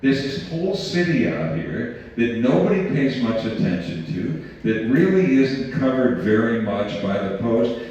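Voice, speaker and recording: A man's voice: medium pitch, dark tone. An older man giving a folksy, digressive talk about his career in journalism to a community audience. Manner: folksy storytelling, digressive asides. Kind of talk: conversational lecture with anecdotes. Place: community meeting room. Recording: distant roomy mic in a reverberant hall, muffled.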